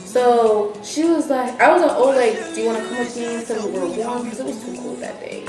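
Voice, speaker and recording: A young woman with a high voice recounts a story to the camera with animated, laughing energy. She acts out the voices of the people involved as she goes. The room is echoey, and music plays clearly underneath. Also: fairly quick. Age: young adult. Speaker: vlogger telling a story. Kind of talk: casual storytelling chat.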